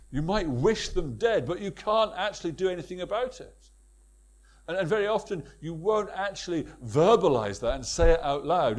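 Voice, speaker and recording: A man preaching a sermon with emphatic repetition and rhetorical questions to his congregation. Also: on the high side.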